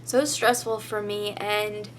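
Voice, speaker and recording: A woman's voice: mid-range voice, little pitch movement, slow, slight background noise. A teenage girl vlogging a long, rambling story full of "like" fillers, emotional and near tears. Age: teens. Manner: chatty, rambling with many "like" fillers. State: tearful, emotional. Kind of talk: casual storytelling vlog.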